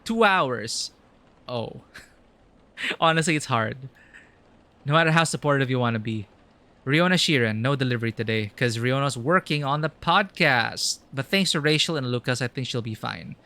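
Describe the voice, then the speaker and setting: A man's voice: medium pitch, moderate pace, pushed and bright. A male streamer in casual let's-play commentary, chatty and rambling, with many "like" asides.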